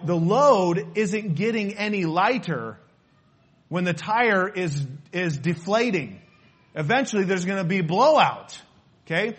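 A man preaching a sermon in an emphatic, animated way, repeating his key phrases. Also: high-pitched, slightly rough.

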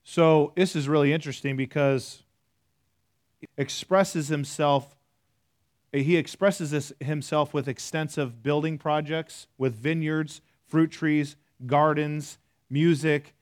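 A man's voice: a little high, steady tone, a little slow. A man preaching a conversational sermon, reading scripture aloud between loose, filler-heavy asides. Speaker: pastor.

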